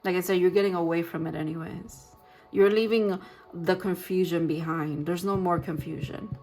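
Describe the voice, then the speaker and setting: Woman, lower voice, tarot reader, gentle and rambling, soft music bed. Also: steady tone, normal speed. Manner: gentle, reassuring, rambling with restarts. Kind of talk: pick-a-card tarot reading.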